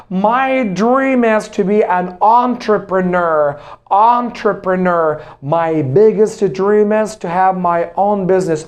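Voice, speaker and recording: Male English teacher, slow and repetitive pronunciation drills. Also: high-pitched. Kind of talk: pronunciation lesson.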